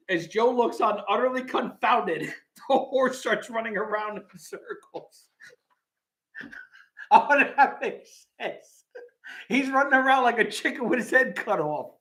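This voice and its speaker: A man's voice: very high voice, sharp tone. A man hosting a casual live stream, reading a script aloud with its stage directions and chuckling often.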